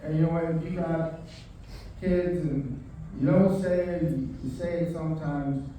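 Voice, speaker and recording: Slow-spoken man, far off in an echoing room. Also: a little high, steady tone, mellow, slight background noise. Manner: halting, with pauses and restarts. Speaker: son giving a eulogy. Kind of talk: memorial speech with a toast.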